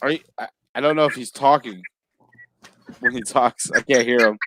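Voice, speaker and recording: A man at a mid pitch hosts a casual livestream, distracted as he handles guests and chat. He talks in loose, easygoing bursts. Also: moderate pace, noisy background. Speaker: livestream host.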